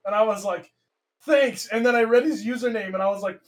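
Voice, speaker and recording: A man's voice: sits high, steady tone, fast, soft background music. A man hosting a podcast, telling a story in casual, rambling chat, full of "like" and laughter. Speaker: podcast host.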